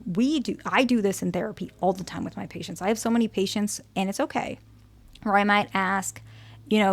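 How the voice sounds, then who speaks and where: A woman therapist speaks to her viewers with a gravelly, fry-edged voice at an average pitch. She explains earnestly, repeats words for emphasis and walks through everyday examples. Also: brisk. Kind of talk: advice talk to camera.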